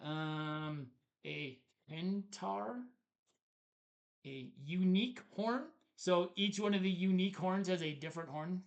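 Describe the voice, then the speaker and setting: A man's voice: high-pitched, takes it slowly, vocal fry, highs cut off. A man co-hosting a board game review, chatting casually as he shows the cards and chuckles at the puns. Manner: chatty, laughs at the card puns. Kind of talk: casual show-and-tell review.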